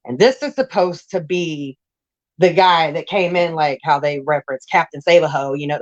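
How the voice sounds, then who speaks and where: A woman's voice: low voice, normal speed, muffled recording. A woman telling her life story in a casual interview, blunt and raw, rambling with restarts.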